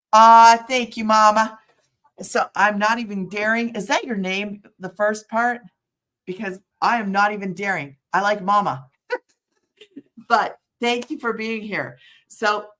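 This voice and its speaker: Middle-aged woman, regular vlog host, chatty and meandering, breaks off mid-sentence, quick to laugh. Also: medium pitch, a bit bright. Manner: rambling, self-interrupting, laughs often. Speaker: work-from-home business promoter. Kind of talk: casual livestream chat.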